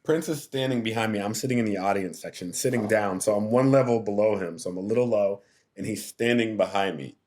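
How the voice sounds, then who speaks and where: A man's voice: on the low side, fairly quick, darkish tone, slight background noise. A TV producer on a podcast as a guest, telling a story animatedly, acting out the quotes and laughing as he goes.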